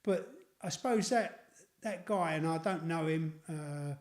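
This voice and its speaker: Affirming podcast host in an echoey room. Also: male voice, on the high side, a little slow. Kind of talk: casual interview chat.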